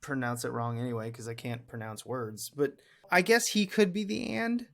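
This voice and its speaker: A man's voice: mid-range voice, moderate pace, creaky, a bit bright. A man in his thirties co-hosting a podcast, chatting casually and a bit ramblingly while reviewing a movie. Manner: chatty, rambling, self-deprecating. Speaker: podcast co-host.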